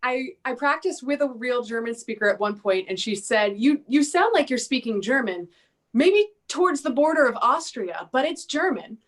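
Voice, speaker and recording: A young woman is chatting casually about her own acting work. Her voice sits a touch higher than most. She tells the story in a breezy, self-deprecating way. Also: lively intonation, normal speed. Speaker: actor in the film. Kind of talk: casual chat.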